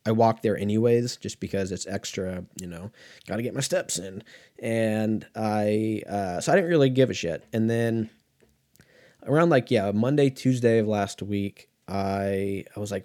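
A Californian man hosts a casual storytelling monologue in a lowish, darkish voice at an unhurried pace. He swears a lot, rambles, and keeps drifting off on tangents.

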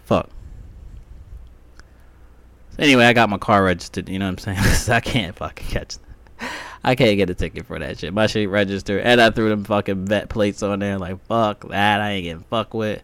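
A man's voice: fairly low pitch, a little fast, no room sound. Profane storytelling man, dry close sound. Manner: profane, animated, acts out both sides of the talk. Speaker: podcast host. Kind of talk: casual storytelling monologue.

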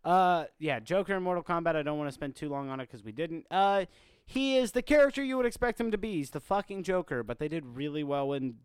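A man co-hosting a podcast, chatting casually and excitedly about a fighting game, swearing freely. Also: a little high, fast talker, smooth, dry recording. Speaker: podcast co-host. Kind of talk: casual gaming chat.

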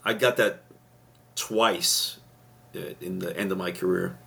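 A man, a retired police officer on a podcast, telling stories with rambling restarts and rising loud when excited. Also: low voice, unhurried, gravelly. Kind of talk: casual storytelling chat.

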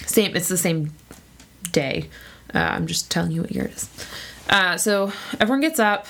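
A woman co-hosting a casual chat, telling a story with frequent laughs and lively quoted voices. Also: fairly low pitch, normal speed. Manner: chatty, laughs often, lively quoting voices. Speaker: podcast co-host telling a true story.

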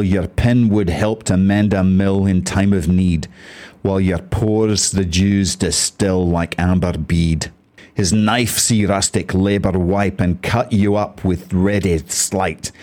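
A Scottish man hosts the show in a friendly, easygoing way, with a low voice. He chats and jokes lightly, then reads verse aloud at a measured pace. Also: darkish tone. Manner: friendly, chatty, lightly humorous. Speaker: host. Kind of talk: casual talk and reading a poem aloud.

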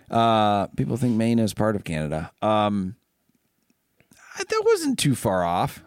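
A man's voice: fairly low pitch, huge pitch swings, unhurried, smooth, dry recording, clean studio sound. A man hosting a casual car show, chatting loosely and stammering through his restarts. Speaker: show host and car dealer.

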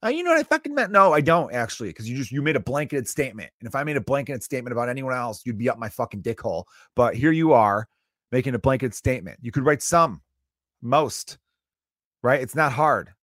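A man's voice: mid-range voice, fairly quick, a bit bright, dry recording, studio quality. A man hosting a podcast, ranting in a casual, profane, exasperated way. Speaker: podcast host. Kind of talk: casual solo rant.

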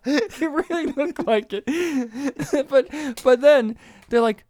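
Animated man recapping a bad movie. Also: very high voice, drawn-out words, dry recording. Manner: animated storytelling, swearing, laughing often. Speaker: podcast co-host. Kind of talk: casual movie recap chat.

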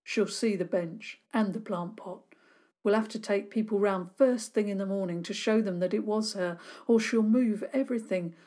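A serious young girl , as a woman storyteller puts her on, giving plans in a brisk, earnest way. The voice stays close to the narrator's own. This is a children's storybook. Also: mid-range voice, warm tone, lightly acted. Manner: serious and urgent.

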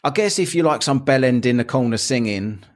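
A man's voice: medium pitch, animated, brisk. A man co-hosting a podcast, chatting casually in a blunt, ranting way and swearing now and then. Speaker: podcast co-host. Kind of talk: casual chat.

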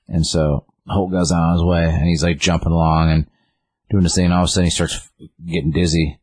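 A man casually recapping a plot, rambling and peppering his talk with quoted lines. His voice sits very low and is somewhat husky. The sound is dry and close to the mic. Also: little pitch movement, brisk, darkish tone, dry recording. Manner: rambling, with many fillers and "he's like" quotes.

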